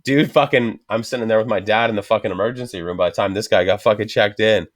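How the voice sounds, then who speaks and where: A man's voice: on the low side, fast. Profane man telling a wild story. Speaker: podcast guest. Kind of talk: casual storytelling.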